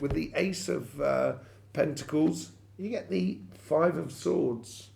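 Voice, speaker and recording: Gravelly man rambling through a tarot reading. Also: fairly high pitch, slow, darkish tone, slight background noise. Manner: rambling, many fillers and restarts. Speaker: tarot reader. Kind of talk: weekly tarot reading addressed to viewers.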